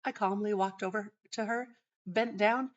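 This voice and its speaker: Calm woman telling a story, lo-fi. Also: mid-range voice, normal speed. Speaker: host and teacher. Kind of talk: narrating a personal teaching anecdote. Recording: dull lo-fi sound.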